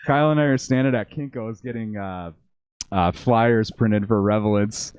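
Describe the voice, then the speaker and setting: A man's voice: fairly low pitch, moderate pace, darkish tone, clear, resonant tone, dry recording. A man, a podcast guest, chatting casually and rambling through old band stories with lots of fillers. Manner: rambling, filler-heavy storytelling. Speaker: podcast guest, former bandmate. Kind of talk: casual chat.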